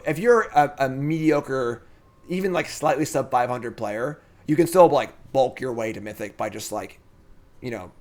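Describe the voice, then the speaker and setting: Chatty man thinking aloud while streaming. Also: medium pitch. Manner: chatty, thinks aloud, reads chat and answers it. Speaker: streamer playing a card game. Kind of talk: casual live-stream commentary.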